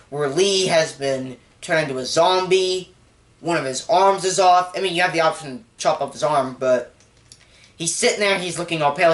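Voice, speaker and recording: A young man recapping a movie in a casual review, excitable and animated, with sudden jumps in pitch and volume. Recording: echoey room.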